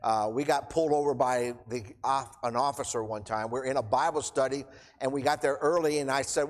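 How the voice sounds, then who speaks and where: A middle-aged preacher gives an informal, emotional sermon in a church hall, choking up and rambling with restarts. His medium-pitched voice is steady and fairly quick, and long church reverb trails each phrase.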